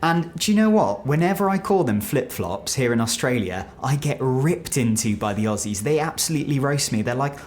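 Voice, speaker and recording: A British man presenting an explainer video, animated and playful, sometimes dropping to a low confiding voice. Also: brisk, few pauses. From Britain. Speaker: presenter explaining Australian slang.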